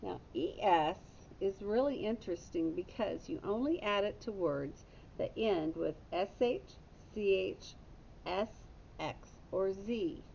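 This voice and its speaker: A woman's voice: expressive, unhurried, vocal fry, a little mellow. A woman teacher giving a patient phonics lesson to young children, stopping to correct her own slips. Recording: dull lo-fi audio with faint rumble.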